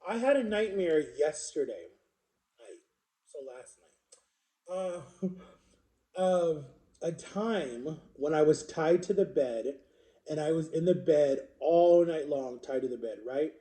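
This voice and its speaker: A man in his forties talks to his viewers in a loose, rambling storytime, leaning on "like" and repeating himself. His voice sits a little high for a man yet sounds very dark and mellow. The room around him adds a clear echo. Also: expressive, slow pace. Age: 40s. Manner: rambling, filler-heavy, repeats words. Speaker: vlogger. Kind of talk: casual storytime monologue.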